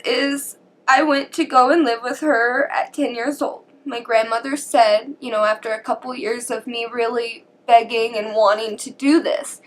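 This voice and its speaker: A young woman vlogger telling a painful personal story, halting and emotional, her voice shaky and often near tears. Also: fairly high pitch, fairly even intonation, a bit bright.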